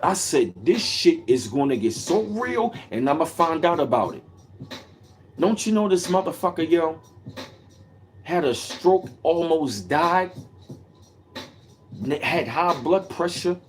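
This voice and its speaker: A man on a casual livestream speaks in a somewhat high, very animated voice, swinging his pitch up and down as he drives each point home. His delivery is emphatic and repetitive, full of swearing, and he calls out chat viewers by name. Faint music plays behind him. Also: takes it slowly, pauses often. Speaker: livestream host reading chat.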